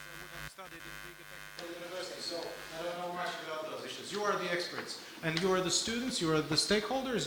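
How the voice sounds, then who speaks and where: A man's voice: sits high, fairly bright tone. A man moderating a panel discussion, hesitant with many fillers and joking asides.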